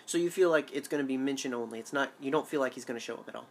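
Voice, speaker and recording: A man's voice: mid-range voice, racing. A man co-hosting a casual fan chat, eager and rambling with lots of restarts. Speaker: show co-host.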